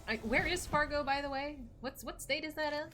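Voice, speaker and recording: A young woman streams a scary game, chatting nervously with her viewers, reading their messages aloud and swearing now and then. Her voice is high, a bit bright and fairly quick, and she sounds jumpy and scared, with faint music behind her.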